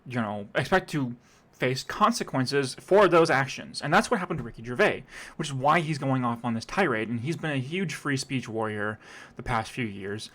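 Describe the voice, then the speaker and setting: A man at an ordinary pitch reacts to a video in casual, sarcastic commentary. He rambles and keeps breaking off to restart his sentences. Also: expressive, moderate pace, fairly bright tone.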